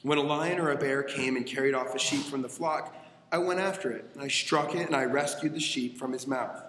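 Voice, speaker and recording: A man preaching a sermon, telling a story with animated voices, in a church with echoey hall reverb. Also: medium pitch, brisk, slight background noise. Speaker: pastor.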